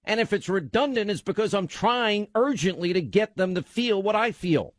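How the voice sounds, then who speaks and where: A man's voice: high-pitched, animated, moderate pace, dry recording. Fired-up male radio host, dry studio sound. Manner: forceful, frustrated ranting. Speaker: radio talk show host. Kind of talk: call-in radio talk.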